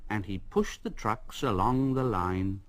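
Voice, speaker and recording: A man reading a children's storybook aloud as narrator, in an expressive way. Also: fairly low pitch, a little slow. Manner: expressive, with lively rises and falls.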